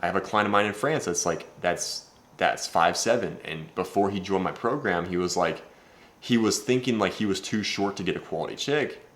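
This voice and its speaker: Young man, deep voice, brash, swearing, casual storytelling vlog, dating coach. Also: normal speed, fairly bright tone.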